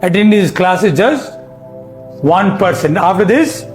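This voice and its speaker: A man's voice: high-pitched, animated, measured pace, echoey room, soft background music. A man with an Indian English accent teaching a hypnosis class, talking emphatically and quizzing his students with questions. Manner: emphatic, rhetorical questions, mixes in Hindi. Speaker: hypnosis coach. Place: training hall with a live class.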